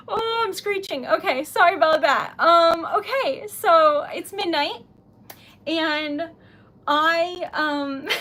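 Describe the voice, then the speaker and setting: A young woman, hosting a late-night livestream, giggling and tearfully thanking viewers, her voice going hoarse. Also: high voice, bright, forceful tone. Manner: giggly, emotional, tearful gratitude. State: losing her voice. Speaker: livestream host. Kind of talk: casual livestream chat. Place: home at midnight.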